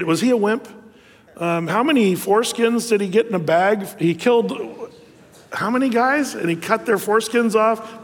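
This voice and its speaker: A middle-aged pastor preaches in a relaxed, chatty way, dotting his sermon with ums and side remarks. His voice sits high for a man. The sound carries the long reverb of a large hall. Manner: conversational, filler-heavy preaching with asides.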